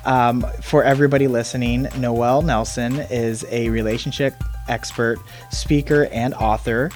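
A man hosting a podcast interview, talking in a relaxed, conversational way. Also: mid-range voice, moderate pace, faint music behind. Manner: relaxed, conversational, some restarts. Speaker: podcast host.

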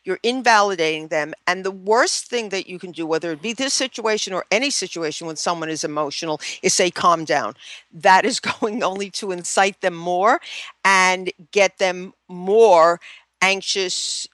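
A middle-aged woman speaks as a therapist guest on a podcast, loose and chatty with plenty of "you know." She slips into quick acted-out example phrases. The sound is dry and close to the mic. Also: on the low side, a bit bright, no room sound. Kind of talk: casual podcast interview.

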